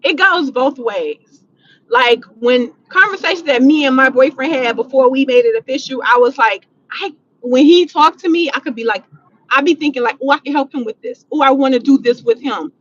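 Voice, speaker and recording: A woman hosting a casual livestream from her car, answering chat in a blunt, animated, slangy way and swearing freely. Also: sits high, normal speed, muffled recording. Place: in a vehicle, driving.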